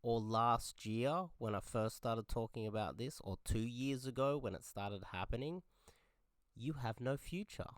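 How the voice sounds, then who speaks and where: A man's voice: mid-range voice, measured pace, no echo, clean studio sound. An Australian man giving an angry political rant, heated, swearing and often repeating himself. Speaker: political commentator. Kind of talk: angry ranting monologue.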